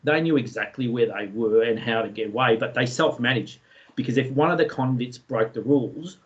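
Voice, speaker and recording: An Australian man telling a story in a relaxed way, with many fillers, as a guest speaker in an online session. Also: mid-range voice, muffled recording. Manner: chatty, anecdotal, many fillers.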